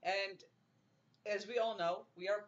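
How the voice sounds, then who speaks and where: A young woman hosting a casual wrestling chat, animated, ranting and laughing often. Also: medium pitch, measured pace. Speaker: podcast host. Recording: dull lo-fi stream audio.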